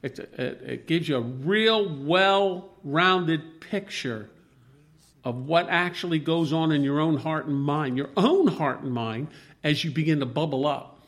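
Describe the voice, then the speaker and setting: A man leading an informal Bible discussion, rambling and halting with many restarts as he quotes scripture. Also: a little high, a bit bright.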